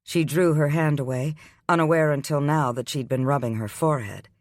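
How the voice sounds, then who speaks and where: A man giving the scripted, unhurried narration of a romance audiobook. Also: fairly high pitch, dry recording, clean studio sound.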